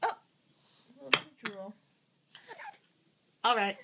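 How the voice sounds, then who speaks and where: A woman's voice: medium pitch, slow pace, gravelly, heavy background noise. A young woman talking baby talk to her infant in a sing-song, cooing way, asking simple questions. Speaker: parent filming her baby.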